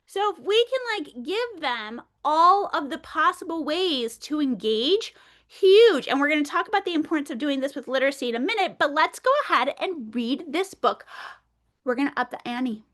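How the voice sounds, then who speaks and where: A middle-aged woman leading a teacher workshop, playful and animated, often slipping into a lively voice aimed at young children. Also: high-pitched, normal speed. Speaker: early childhood educator leading a webinar.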